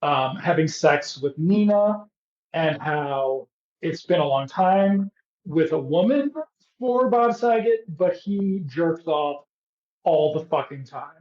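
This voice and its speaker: A man's voice: a little high, lively intonation, slow, a little mellow. A man co-hosting a podcast, recapping a show in casual comedic chat with sarcastic, profane riffing. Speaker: podcast co-host. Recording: echoey, dull lo-fi room sound.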